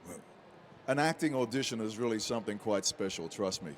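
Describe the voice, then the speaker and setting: A man being interviewed as an actor, telling an anecdote in a lively way and acting out the people in it. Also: lowish voice, fairly quick. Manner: lively storyteller who acts out quotes.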